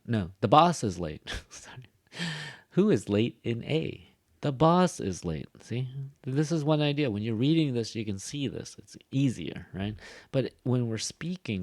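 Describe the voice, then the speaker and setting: A man explaining pronunciation to a class in a loose, chatty way, his voice sitting on the low side. He leans on fillers and keeps checking in with the listeners. The sound is close and dry, with no room around it. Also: darkish tone, no room sound. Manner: casual, exaggerates intonation for demonstration; frequent fillers and tag "right?". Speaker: ESL pronunciation teacher. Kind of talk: recorded classroom lecture.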